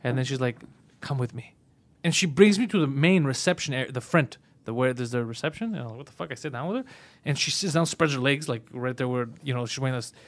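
Fast-talking guy telling stories. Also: medium pitch. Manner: profane, animated storytelling. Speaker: podcast co-host. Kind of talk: casual podcast chat.

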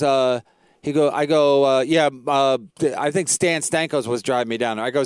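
A man's voice: a little high, clear, resonant tone, no echo. A man telling a rambling, profane story, repeating "I go" as he acts out both sides of an argument. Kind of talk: casual podcast chat.

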